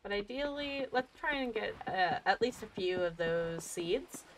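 A young woman streaming a video game, chatting excitably and talking to herself as she plays. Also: medium pitch, measured pace, slight background noise. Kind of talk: casual let's-play commentary.

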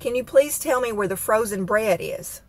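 A woman's voice: on the high side, expressive, normal speed, a little mellow, no room sound. A woman telling an exasperated, dramatic comic rant with expressions. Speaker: comedic vlogger.

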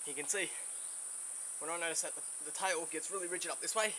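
A man's voice: fairly high pitch, fairly even intonation, fast talker. An Australian man presenting wildlife in the field, handling a venomous snake, switching between soothing murmurs and eager explanation, sweating and a bit out of breath. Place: outdoors in bush country. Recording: outdoor field recording, loud insect noise. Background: buzzing insects and crickets.

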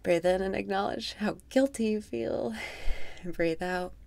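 A woman guiding a meditation, speaking softly and often slipping into a whisper, with wry, self-mocking laughter. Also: mid-range voice, measured pace, vocal fry, dry recording. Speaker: meditation guide. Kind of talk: guided meditation.

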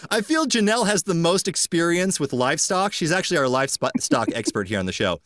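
A man's voice: on the high side, very animated, fairly quick, fairly bright tone, no echo, studio quality. A man hosting a podcast in casual chat, playfully reading quiz questions aloud and laughing mid-sentence. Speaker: podcast host.

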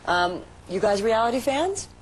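A woman hosting a TV talk show, asking quick upbeat questions. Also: very animated. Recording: noisy low-quality TV recording.

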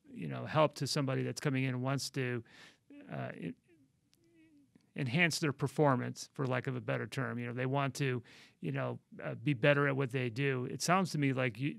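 A man with a gravelly voice hosts an interview, working his way through long questions with restarts. His voice sits at a middle pitch, and the sound is dry and close. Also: no room sound. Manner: halting questions with fillers and restarts. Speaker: interview host.

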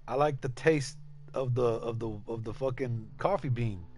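A man streaming a game chats with his audience in an unhurried, medium-pitched voice with a darkish tone. His talk is loose, rambling, jokey, and profane.

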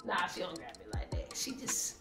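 A woman's voice: normal speed, fairly bright tone, whispered. A young woman co-hosting a couple's channel, chatting casually in a playful, teasing, slangy way. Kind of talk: casual chat. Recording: echoey room, mic at a distance, music behind.

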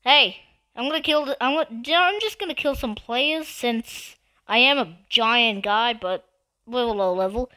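A woman giving live gameplay commentary, excitable and given to repetitive trash talk at other players. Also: a little high, normal speed. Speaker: gamer.

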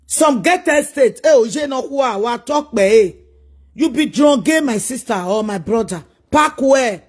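A man's voice: very high-pitched, animated, a little slow, husky. A man with a Nigerian accent delivering a preachy, scolding monologue full of repeated rhetorical questions. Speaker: social media commentator.

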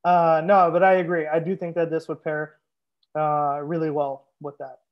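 Joking young sommelier on a livestream. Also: male voice, a little high, moderate pace, muffled recording. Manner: relaxed, joking, reads viewer comments aloud. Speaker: sommelier hosting a live wine tasting. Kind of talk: casual livestream chat.

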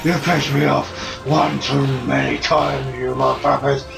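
A man's voice: medium pitch, little pitch movement, a little slow, gravelly. A man commentating his own video game play, swearing constantly through frustrated outbursts. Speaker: gamer. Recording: distant mic with loud game music.

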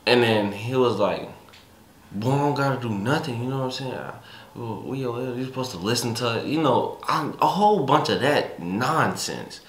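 A young man casually recounting a family conflict in relaxed, slangy speech with many restarts. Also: medium pitch, moderate pace, roomy sound. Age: young adult. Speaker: son telling his story. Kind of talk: casual storytelling.

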